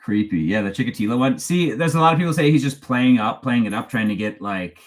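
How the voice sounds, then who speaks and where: Talking fast and sounding animated, this true crime channel host from Canada has a mid-range voice. He keeps his live-stream chat casual and chatty, wandering from topic to topic and frequently laughing while reading out questions from viewers.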